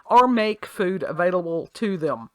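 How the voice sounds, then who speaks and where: A woman's voice: lowish voice, animated, measured pace, a little mellow, clear, resonant tone, no echo. Wry woman reading news aloud. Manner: wry, laughs often, sarcastic asides. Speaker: podcast host. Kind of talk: casual chat, reading a news story aloud. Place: at home with her child nearby.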